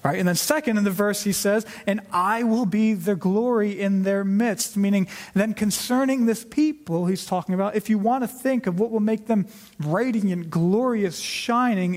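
Male Bible teacher with a high voice, explanatory, poses and answers his own questions. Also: moderate pace. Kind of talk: scripted Bible study teaching.

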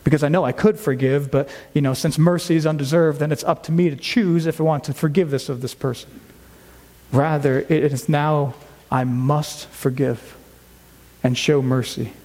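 A man preaching a sermon to his church, earnest and emphatic, slowing down to stress key words. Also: on the high side, fairly even intonation, a little mellow. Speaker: pastor. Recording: long reverb of a large hall.

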